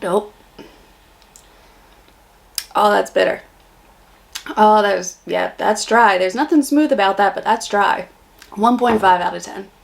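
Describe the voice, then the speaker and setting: A woman's voice: mid-range voice, measured pace, creaky, pauses often. A young American woman vlogging a casual beer taste test, chatty and blunt in her reactions. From United States.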